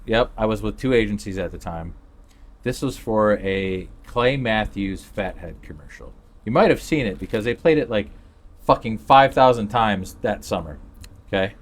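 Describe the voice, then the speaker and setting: A man with a somewhat low voice chats on a podcast livestream from a backyard. He tells his stories with animation and laughs often along the way. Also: animated, moderate pace. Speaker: podcast co-host. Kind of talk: casual chat. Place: backyard, outdoors. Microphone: phone livestream.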